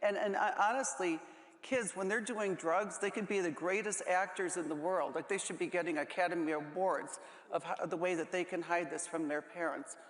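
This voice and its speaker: Older woman near tears, echoey hall. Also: on the low side. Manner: halting, many restarts and trailing fillers. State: close to tears. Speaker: panel guest. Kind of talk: emotional panel testimony. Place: large conference hall stage. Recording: echoey hall with long reverb.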